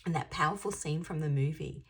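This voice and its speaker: A woman's voice: low-pitched, fairly quick, vocal fry, husky. A woman reading tarot to camera in a chatty, rambling way, dropping into whispers to stress a point. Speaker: intuitive tarot reader.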